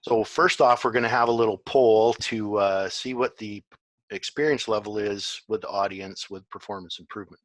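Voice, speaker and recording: A man presenting a webinar in a relaxed way, with many fillers. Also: on the low side, normal speed, dry recording. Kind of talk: online presentation.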